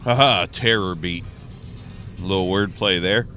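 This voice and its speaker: A man's voice: low-pitched, measured pace, sharp tone, faint music behind. A man talking casually and rambling about albums, swearing freely while driving. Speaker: music reaction vlogger. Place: inside a car.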